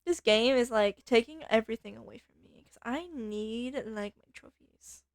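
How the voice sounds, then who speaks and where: A woman's voice: on the high side, moderate pace, no echo, studio quality, close to an everyday voice. Woman putting on a sassy valley girl. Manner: drawling, "like"-filled valley girl talk. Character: ditzy self-absorbed valley girl, young woman.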